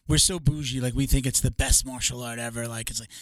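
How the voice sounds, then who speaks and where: A man's voice: mid-range voice, fairly even intonation, fast, dry recording. A man hosting a podcast, asking questions in a chatty, casual way. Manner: chatty, laughs along. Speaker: podcast host. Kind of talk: casual interview.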